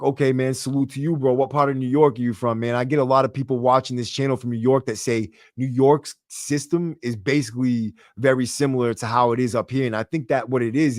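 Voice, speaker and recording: A man's voice: mid-range voice, no room sound. A young Boston man talks straight into a close, dry podcast mic, brash and loose. He swears freely and throws in streetwise slang as he answers his viewers. His voice sits in an ordinary middle range. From Massachusetts. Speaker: livestream podcast host. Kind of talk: casual livestream chat reading comments.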